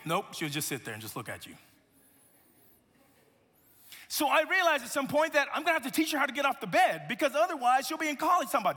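Male pastor, animated storyteller, bright high voice, reverberant hall. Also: quick pace. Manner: animated storytelling with playful asides. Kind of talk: sermon.

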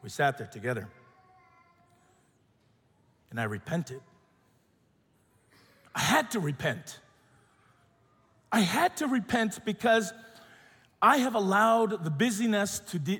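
A middle-aged man preaching a sermon, telling a personal story in an animated way, acting out quotes and going soft and quiet in tender moments. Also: high voice, husky, big-room sound. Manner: animated storytelling, acts out quotes, drops to soft tones when emotional. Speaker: pastor.

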